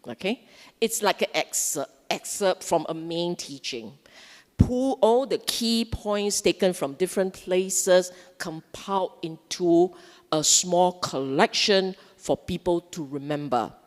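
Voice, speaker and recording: A woman with a Singaporean English accent giving a Buddhist dharma talk, animated and often asking her audience questions. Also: on the low side, slow, big-room sound. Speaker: Dhamma speaker. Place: Buddhist centre hall.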